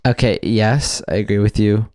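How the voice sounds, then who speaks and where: A young man, co-hosting a podcast in a relaxed, hesitant way, piling up fillers as he argues his point. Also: on the low side, moderate pace. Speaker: podcast co-host. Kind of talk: casual chat.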